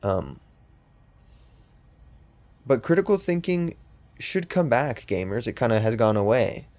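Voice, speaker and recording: A man's voice: mid-range voice, very animated, unhurried, darkish tone. A young man hosting a podcast, rambling casually with lots of ums and restarts, in a voice that sounds sarcastic. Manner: meandering, with many ums and restarts. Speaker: podcast host.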